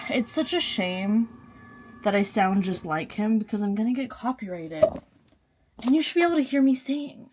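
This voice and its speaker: A woman's voice: mid-range voice, expressive, moderate pace, darkish tone, slight background noise. A young woman from Texas chatting casually to camera in a home vlog, self-mocking, with sudden squeals and whispered asides. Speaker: book vlogger.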